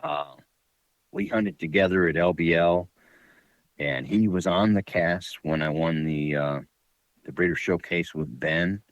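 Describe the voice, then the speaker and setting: A man's voice: low voice, steady tone, measured pace, no room sound, lo-fi sound. A man guest on a podcast, telling hunting-dog stories in a rambling, folksy way with lots of fillers. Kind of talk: casual storytelling.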